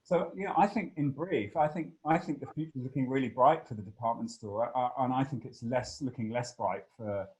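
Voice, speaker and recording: A man giving a long, animated interview answer, full of fillers and playful asides. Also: medium pitch, brisk, hardly any pauses, rough recording. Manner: expansive, animated storytelling with many fillers.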